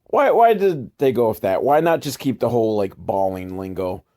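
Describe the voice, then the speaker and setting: A man's voice: on the low side, animated, moderate pace, dark tone. A man giving a casual, rambling and sardonic movie recap, swearing freely and second-guessing himself. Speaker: movie reviewer.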